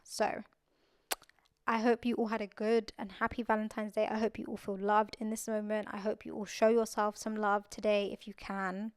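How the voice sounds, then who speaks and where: On her own podcast, a young adult woman speaks casually and earnestly in a smooth, medium-pitched voice, recorded dry with clean studio sound. She often repeats phrases to drive her points home.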